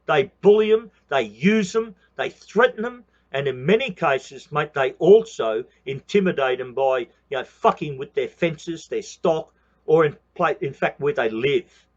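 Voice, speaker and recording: A man's voice: on the high side, animated, a little slow, highs cut off. An Australian man in his sixties giving a heated, profane monologue on his own channel, repeating phrases and calling the listener mate. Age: 60s. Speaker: channel host. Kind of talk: ranting monologue.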